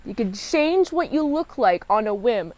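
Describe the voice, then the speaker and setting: Female vlogger, casual TV reviewer, high-pitched, animated and chatty, dry close sound. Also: a little slow, no room sound. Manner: chatty, animated, laughs often, acts out characters' lines. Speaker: TV episode reviewer.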